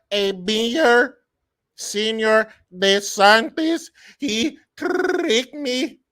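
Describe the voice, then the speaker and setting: A man voicing a timid, bewildered immigrant man who speaks haltingly and drags his words out. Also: sits high, fairly bright tone, pitched above the performer's own voice, heavily acted. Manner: halting, drawn-out, hesitant.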